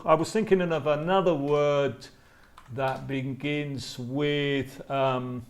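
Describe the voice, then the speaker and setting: A man teaching a class live online, slowly repeating words for learners. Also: fairly high pitch, steady tone. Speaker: English teacher.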